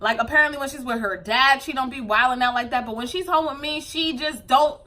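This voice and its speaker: A young woman talks to her camera in a casual confessional vlog, speaking in with a bright, forceful tone. Her voice sits a bit high, and her talk is candid and emotional, full of fillers. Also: a little fast. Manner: emotional, tearful at times, candid, lots of fillers. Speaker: vlogger, new mother.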